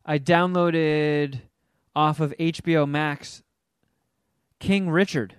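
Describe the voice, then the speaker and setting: A man with a smooth, clear voice talks loosely about a film he just watched, swearing often. He gets animated and lapses into mocking voices when recounting scenes. The recording is dry and close. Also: on the high side, slow pace, no room sound. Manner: profane, animated, does mocking voices in quotes. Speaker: podcast co-host reviewing a movie. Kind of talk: casual chat.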